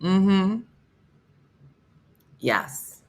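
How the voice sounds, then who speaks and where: A woman's voice: mid-range voice, sing-song, drawn-out words, darkish tone. A woman in her fifties hosting a casual live morning chat, joking and answering viewers by name. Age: 50s. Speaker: host of a live morning show. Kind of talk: casual live-stream chat reading comments.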